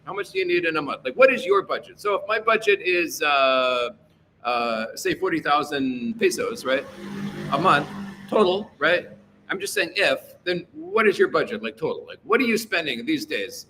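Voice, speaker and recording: A man rambles through a casual livestream in a bright, sharp voice that sits a little high. He reads out chat messages and answers them loosely, with plenty of fillers and restarts. Faint background noise runs under his talk. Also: animated, normal speed. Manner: rambling and opinionated, with frequent fillers. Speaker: livestream host reading chat.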